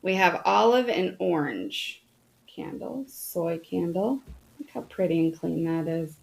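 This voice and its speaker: A woman's voice: on the low side, big pitch swings, measured pace, gravelly, poor audio. A middle-aged woman hosting a casual unboxing chat, talking enthusiastically to her viewers. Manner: chatty, enthusiastic, talks to viewers. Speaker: host reviewing products.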